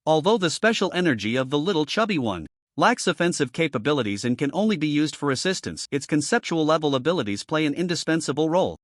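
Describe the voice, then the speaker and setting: A man narrating a fantasy story recap in a steady scripted read, voicing the characters' quoted lines. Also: on the high side, fast talker, few pauses, no room sound, studio quality.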